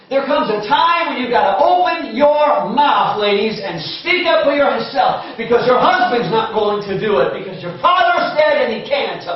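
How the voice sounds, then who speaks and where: A man's voice: very high-pitched, expressive, normal speed, few pauses. A man preaching a sermon, retelling Bible stories with impassioned exhortation. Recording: echoey hall, distant muffled mic.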